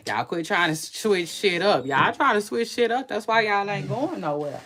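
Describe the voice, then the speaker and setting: A woman giving a casual, slangy reaction commentary, swinging from low mumbles to loud hype. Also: animated, moderate pace.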